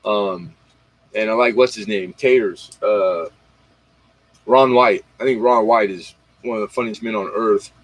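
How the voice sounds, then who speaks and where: On a rough, dry recording, a man with a fairly low voice talks a little slowly. He's hosting a laid-back late-night livestream, speaking straight to his audience in rambling slang and recounting comedy bits.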